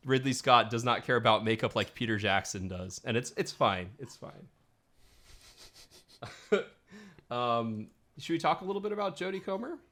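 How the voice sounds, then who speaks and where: A man co-hosts a podcast, chatting animatedly about films, laughing often and peppering his speech with "like." His mid-range voice is expressive and a little bright, moving at a measured pace with long pauses.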